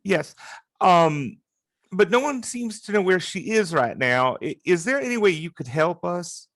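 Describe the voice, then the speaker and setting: Slow-talking polite male player. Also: sits high, animated, a bit bright, dry recording, studio quality. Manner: hesitant, polite. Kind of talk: casual tabletop play.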